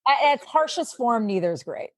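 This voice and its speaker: A woman with a Midwestern accent, a sports anchor, chatting as a podcast guest and telling stories in a lively way. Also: a little high, moderate pace, no echo. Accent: Midwestern American. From Milwaukee, Wisconsin. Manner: chatty, animated storyteller. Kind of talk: casual interview chat.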